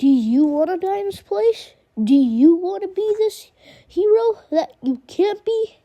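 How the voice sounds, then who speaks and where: A woman voicing a menacing male gang leader with a bat, taunting and sneering in a loud, mocking voice. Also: very high voice, expressive, measured pace, highs cut off, pitched above the performer's own voice, heavily acted.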